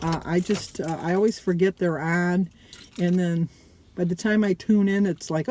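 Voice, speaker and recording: A woman's voice: on the low side, steady tone, normal speed, mellow, rough recording. A woman in her sixties, talking in a rambling, heartfelt way as she vlogs from her car, tearful at times. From United States. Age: 60s. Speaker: vlogger. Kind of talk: emotional casual vlog. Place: in a car stopped in traffic. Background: traffic and outdoor noise.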